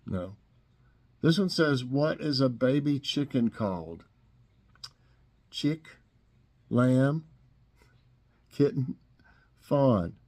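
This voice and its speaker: A man's voice: medium pitch, animated, drawn-out words, pauses often, a little mellow. A middle-aged man with a Southern US accent hosts a casual trivia break, taking his time over every word. He laughs at his own jokes and pokes fun at the wrong answers. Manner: joking, chuckling, acts out silly answers. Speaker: host.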